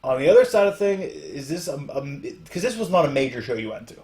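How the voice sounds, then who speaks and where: A man co-hosting a podcast, chatting casually and teasing his co-host with quick restarts. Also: a little high, sing-song, darkish tone. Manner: joking, teasing banter with restarts. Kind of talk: casual chat.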